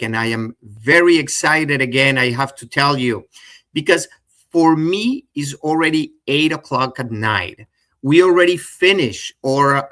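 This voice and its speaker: A man's voice: fairly high pitch, a bit bright. A middle-aged man with a Venezuelan Spanish accent giving a chatty, enthusiastic live webinar presentation and speaking straight to his viewers. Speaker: genealogy presenter.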